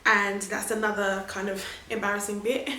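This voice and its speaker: A woman vlogging her birth story in a chatty, animated way, often laughing. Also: medium pitch, normal speed, slight background noise. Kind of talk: casual storytelling to camera. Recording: roomy echo.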